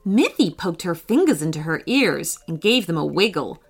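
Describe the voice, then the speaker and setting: A woman's voice: lowish voice, very animated, normal speed, husky. A woman hosting a children's story podcast, narrating a storybook tale expressively.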